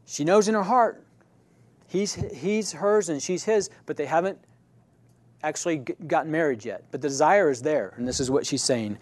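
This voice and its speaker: A man leads a Bible study class in a chatty, conversational way, checking in with his listeners as he goes. His voice sits a little higher than most men's and he corrects himself mid-sentence. The sound is dry, with little room echo. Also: normal speed, a little mellow. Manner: conversational, keeps checking in with "right?"; restarts and self-corrections.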